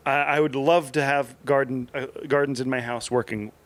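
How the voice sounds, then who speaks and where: A man co-hosting a casual comedy chat, musing wryly with halting restarts. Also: mid-range voice, steady tone. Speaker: podcast co-host.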